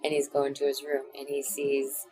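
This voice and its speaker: A woman co-hosting a movie podcast, telling her favorite scene in a casual, lively way and swearing now and then. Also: a bass voice, normal speed, soft background music, low-quality recording. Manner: lively storytelling, swears, laughs often. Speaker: podcast co-host. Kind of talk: casual movie recap chat.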